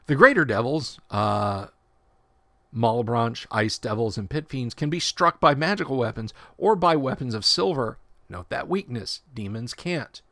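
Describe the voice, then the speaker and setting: A man's voice: mid-range voice, expressive, measured pace, pushed and bright, no echo. A man hosting a casual livestream, reading tabletop rule text aloud and breaking off for joking asides and self-corrections. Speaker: livestream host.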